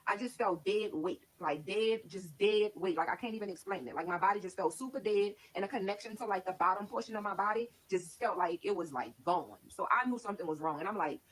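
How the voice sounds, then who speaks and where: Husky-voiced woman rambling thru her own story on stream, mid pitch, says like a lot. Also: brisk, hardly any pauses, low-quality recording. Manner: candid, rambling, heavy use of "like". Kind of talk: casual personal storytelling. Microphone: streaming setup.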